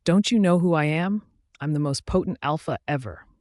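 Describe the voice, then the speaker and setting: Angry bossy werewolf alpha guy, a man reading him, kinda high voice. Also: normal speed, darkish tone, no echo, clean studio sound, close to an everyday voice. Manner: angry, demanding. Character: arrogant violent male werewolf alpha. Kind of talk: audiobook character reading.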